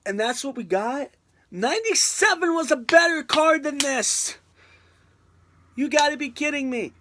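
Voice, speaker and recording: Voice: high-pitched, lively intonation, a little slow, pushed and bright. A video reviewer ranting in an exasperated, emphatic way, often repeating the same point. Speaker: wrestling reviewer on a video channel.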